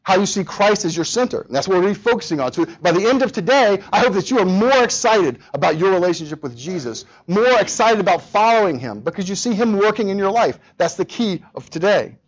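A pastor preaching a sermon, talking straight to the congregation and to the children, in a lively, animated way. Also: male voice, high voice, quick pace, hardly any pauses, dull audio. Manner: animated, speaks directly to children.

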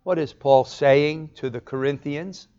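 A man's voice: a little high, unhurried, mellow, clean tone. A male pastor preaching an expository sermon in a somewhat raised voice. He walks through his reasoning step by step and poses rhetorical questions to his listeners. The recording sounds dull and lo-fi.

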